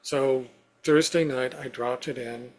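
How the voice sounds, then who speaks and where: A man's voice: mid-range voice, steady tone, takes it slowly. A man as an interview guest, telling a personal story step by step with many "you know" fillers.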